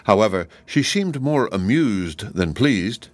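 Expressive low-voiced male storyteller. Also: takes it slowly, no room sound. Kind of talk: reading a children's book aloud.

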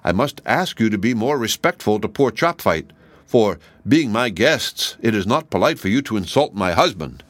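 A man's voice: fairly low pitch, sing-song, normal speed, no room sound. A man voicing a pretty young Munchkin woman who speaks in a cool, polite manner.

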